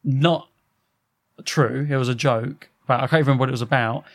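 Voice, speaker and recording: A young man talks casually on a podcast, with a middle-pitched voice. He is animated, drops swear words easily and acts out quotes from people he talks about. His manner is loose, chatty and expressive. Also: moderate pace.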